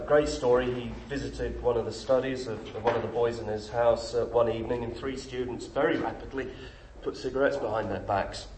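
A middle-aged man preaching a sermon, emphatic and full of rhetorical questions. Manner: emphatic, rhetorical questions, lively pitch swings. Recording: echoey room with faint noise.

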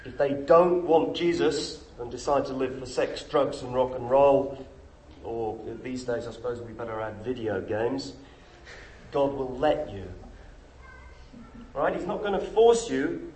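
Middle-aged male preacher, mid-pitched, emphatic rhetorical delivery, echoey room. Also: measured pace. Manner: emphatic, rhetorical questions, lively pitch swings. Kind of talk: sermon. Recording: echoey room with faint noise.

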